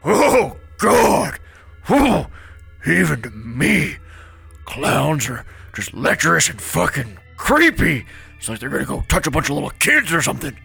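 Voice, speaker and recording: A man voicing a crude, brash, bat-winged male creature with a raspy, gravelly voice. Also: a little high, huge pitch swings, unhurried, faint music behind, heavily acted. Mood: disgusted. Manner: brash, mocking, loud.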